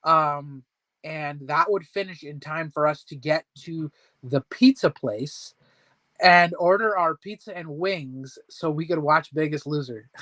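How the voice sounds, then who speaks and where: Chatty higher-voiced man, dry sound. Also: unhurried, fairly bright tone, no echo. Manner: chatty, rambling and self-deprecating, with laughs. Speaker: host of a weight-loss support chat. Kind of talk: casual livestream chat. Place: at home.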